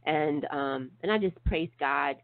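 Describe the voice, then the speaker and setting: A woman's voice: low-pitched, unhurried, no room sound. A woman hosting an interview, effusive and talkative, with many fillers. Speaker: radio show host. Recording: dry, tinny phone line.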